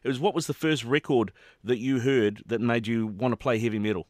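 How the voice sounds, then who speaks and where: Fast-talking male radio interviewer. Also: medium pitch, steady tone, darkish tone, no room sound, studio quality. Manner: friendly, fast-talking, chatty questioner. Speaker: radio show host, interviewer. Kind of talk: casual interview.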